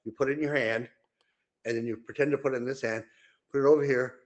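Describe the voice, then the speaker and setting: An older man hosting a casual podcast, winding through anecdote after anecdote with fillers and false starts. His voice sits at an ordinary middle pitch, and he leaps sharply higher whenever he acts out what someone said. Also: fairly even intonation, fast talker. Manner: rambling anecdotes with many fillers and restarts; acts out quoted people with sudden high voices. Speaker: podcast co-host. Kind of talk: casual storytelling chat.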